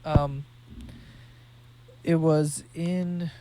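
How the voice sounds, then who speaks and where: A man's voice: fairly high pitch, extremely slow, a little hiss or hum. A young man from New York City chatting casually while he plays a game, telling stories with lots of swearing and laughter. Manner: profane, laughing, animated storytelling. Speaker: gaming streamer.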